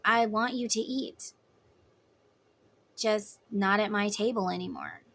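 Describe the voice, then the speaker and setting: A woman's voice: mid-range voice, slow, gravelly, fairly bright tone. A woman giving a casual tarot reading, talking in an emphatic, chatty way. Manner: emphatic, chatty, acts out voices in quotes. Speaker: tarot reader.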